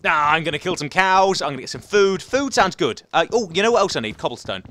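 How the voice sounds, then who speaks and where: Young guy rambling through a gameplay commentary, voice bounces all over, a bit high. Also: fast. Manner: rambling and excitable, talks to the game animals. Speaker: gaming YouTuber.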